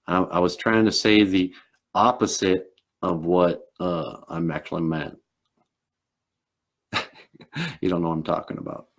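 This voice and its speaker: Picture an earnest, gentlemanly dog puppet with a US Southern drawl, as a man puts him on. He stammers and hesitates and sounds apologetic. His voice sits very low. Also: fairly even intonation, unhurried, pauses often.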